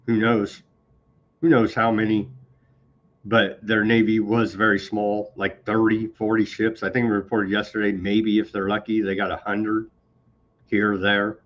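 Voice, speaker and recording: Sarcastic male news commentator, dull recording. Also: lowish voice. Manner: sarcastic, indignant, reads posts aloud. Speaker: news show host. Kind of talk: live commentary on news clips. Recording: slightly dull lo-fi sound.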